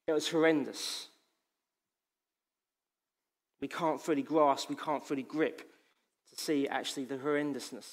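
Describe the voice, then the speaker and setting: A man's voice: on the high side, fairly even intonation, moderate pace. A man preaching a sermon in an impassioned, emphatic way, repeating phrases for weight.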